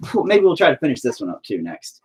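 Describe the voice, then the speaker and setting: A man's voice: medium pitch, wildly swooping pitch, quick pace, a little mellow, a little hiss or hum. A man streaming live as he paints, chatting casually in a profane, exasperated rant. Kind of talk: casual livestream chat.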